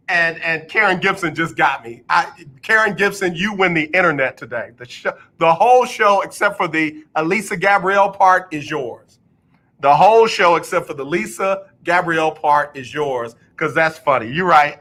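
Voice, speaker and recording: A man's voice: on the high side, low-quality recording. A man hosting a sports talk radio show, joking and laughing as he reads listener texts. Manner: animated, laughs often.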